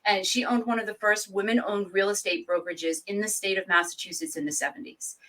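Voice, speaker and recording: A woman's voice: mid-range voice, far from the mic, low-quality recording. Woman author from New England, chatty storyteller, sits back from the mic. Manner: lively storyteller, quick asides. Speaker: author and guest. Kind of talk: casual interview chat.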